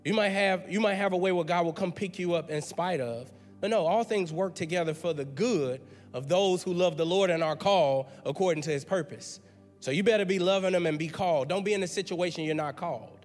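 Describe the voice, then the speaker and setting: The pastor's voice sits high and moves briskly as he preaches, conversational but emphatic, layering repetition to build his case. Faint music plays in the church sanctuary, where a long hall reverb trails every phrase.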